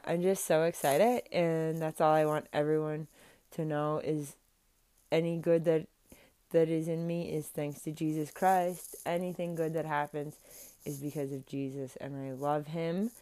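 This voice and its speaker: A woman vlogging in a casual, rambling chat, excitable and gushing as she talks. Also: sits low, unhurried, no room sound. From Canada.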